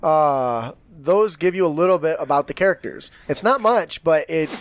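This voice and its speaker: A man's voice: a little high, animated, moderate pace, no room sound. A man hosting a podcast in laid-back, joking casual chat. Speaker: podcast host.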